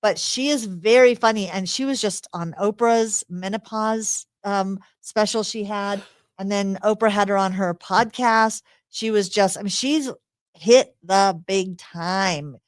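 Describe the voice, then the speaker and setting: A woman's voice: medium pitch, unhurried, no room sound. Chatty woman podcast host, dry sound. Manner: chatty, laughs often, restarts sentences. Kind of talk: casual chat.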